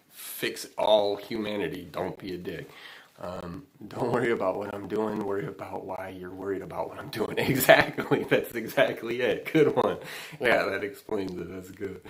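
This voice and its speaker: A man hosting a relaxed spiritual chat, with a voice sitting a little low. He rambles, circles back on himself with plenty of fillers, and breaks into easy laughs. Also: normal speed, low-quality recording. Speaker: spiritual channeling host. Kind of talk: casual livestream chat.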